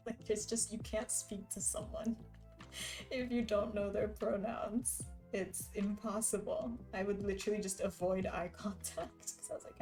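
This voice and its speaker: A woman's voice: medium pitch, normal speed, darkish tone, soft background music, low-quality recording. A woman live streamer in casual, rambling chat who laughs often.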